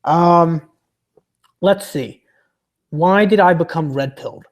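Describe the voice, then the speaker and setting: A man's voice: fairly high pitch, slow. A man talking casually to his chat on a livestream, still recovering from being sick. He rambles, hesitates and restarts his sentences often. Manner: rambling and hesitant, trips over his words. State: recovering from illness.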